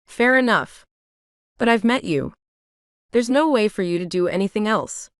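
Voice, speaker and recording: A woman's voice: medium pitch, lively intonation, normal speed, clear, resonant tone, no room sound, clean studio sound, lightly acted. Woman voicing a teasing young college guy. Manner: teasing, affectionate.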